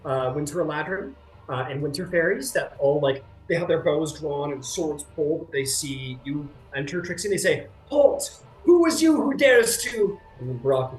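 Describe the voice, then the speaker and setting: A man narrating a tabletop game as game master in a casual, rambling way full of fillers. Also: mid-range voice. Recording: echoey room with faint music.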